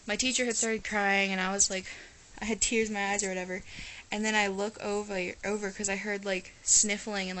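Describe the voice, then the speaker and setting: A teenage girl from Ohio talks to her camera in a loose, rambling vlog chat, her clear as she piles up "like" and restarts sentences. Her voice sits at an ordinary middle pitch. A faint hiss of noise runs under the recording. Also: pushed and bright, low-quality recording. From Ohio, USA. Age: teens. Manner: rambling, chatty, full of "like" and restarts. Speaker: exchange student vlogger. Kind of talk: casual chat.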